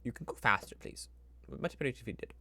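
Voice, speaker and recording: Speaking at a quick pace over background noise, this man streams himself putting together a spreadsheet. He rambles casually as he thinks out loud, addresses his computer, and makes up small sound effects while keys type and click behind him.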